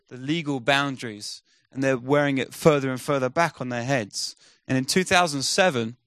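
Male preacher, mid pitch, dry close sound, lively storyteller; acts out dialogue. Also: no echo. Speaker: missionary speaker. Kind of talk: sermon storytelling.

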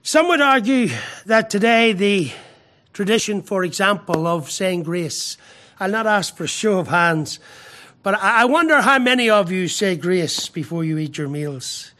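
A middle-aged pastor delivers a sermon in a notably high voice. He is emphatic, leans hard on key phrases, and often stumbles into quick restarts. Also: expressive, sharp tone. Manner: emphatic, with frequent stammered restarts.

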